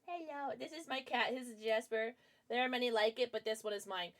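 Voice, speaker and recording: A woman game streamer in casual livestream chat, bubbly and excitable, often breaking into giggles. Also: fairly high pitch, fairly quick, slight background noise.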